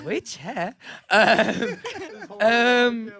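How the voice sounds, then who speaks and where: A man's voice: high voice, extremely slow, pushed and bright. A British man chatting as a guest in a radio studio, easygoing and hesitant, often restarting his sentences. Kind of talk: casual interview chat.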